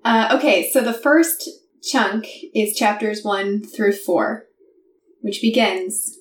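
A woman's voice: medium pitch, slow pace, echoey room, recorded from a distance. A woman co-hosting a casual book podcast, emotionally summarizing the plot in long run-on sentences. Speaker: podcast co-host.

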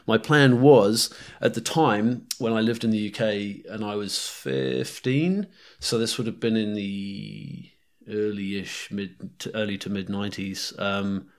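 A man's voice: lowish voice, slow. Kiwi man with a mixed accent, chatty. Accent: mixed New Zealand, British, South African and Canadian. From New Zealand. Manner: rambling, chatty, many fillers. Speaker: guest, firearms instructor. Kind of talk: casual interview chat.

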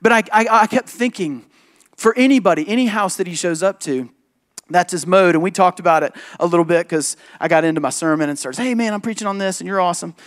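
A man who is a pastor, preaching a sermon and telling a personal story with animated, emphatic delivery and quick switches into other people's voices. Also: high voice.

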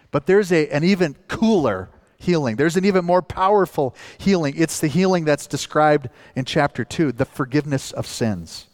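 A man's voice: mid-range voice, in a large hall. A man from northern Minnesota preaching a sermon as pastor, earnest and building up to emphatic points.

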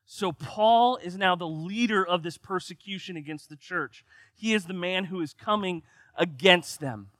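Bright-voiced man preaching a sermon. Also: high voice, moderate pace, no room sound. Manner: reads scripture aloud, then explains with rising emphasis.

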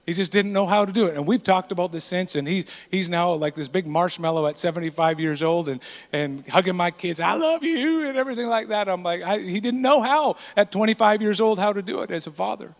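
A man's voice: high voice, fairly quick. A man in his forties, a pastor preaching a sermon with earnest emphasis. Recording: long hall reverb.

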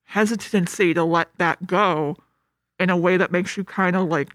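A woman with a bright, forward voice walks through a movie's story in relaxed, chatty talk, with plenty of "like" and "um". She is recorded close and dry. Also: on the low side, normal speed, dry recording. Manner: chatty, retells the plot with lots of fillers. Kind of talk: casual chat about a movie.

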